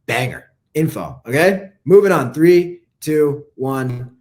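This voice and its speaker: A man's voice: a little high, expressive, darkish tone. A man coaching copywriting in a casual, profane live lesson. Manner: casual, profane, fast-talking.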